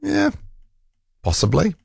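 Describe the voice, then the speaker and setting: This man's high-pitched voice swings hugely in pitch, moves slowly, and carries vocal fry with a slightly mellow, breathy edge, captured dry in clean studio sound. Hosting a talk radio show, he reads listener texts and argues combatively with critics, defending himself and fact-checking callers.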